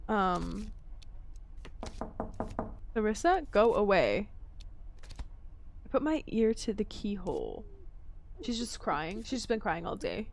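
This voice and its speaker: A woman's voice: medium pitch, sing-song, slow pace, creaky, pauses often, slight background noise. A woman streaming a story game, reading the text aloud and chatting through her choices.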